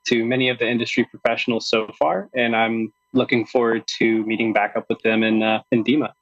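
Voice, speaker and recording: A man's voice: medium pitch, flat delivery, brisk, fairly bright tone, no room sound, highs cut off. A young man, newly joined the team, telling his story eagerly with lots of uhs on a podcast. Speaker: new staff member. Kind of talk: casual podcast chat.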